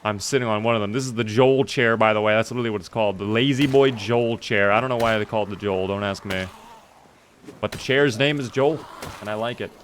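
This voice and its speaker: This time the streamer talks fast in a lowish voice, with slight background noise. He chats with viewers by name during casual gameplay, making mock-formal jokes while working around a mouth sore.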